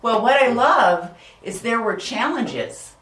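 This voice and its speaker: A woman guest speaker in a casual interview, telling stories in an upbeat, animated way. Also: on the high side, takes it slowly, recorded from a distance. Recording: echoey room, off-mic.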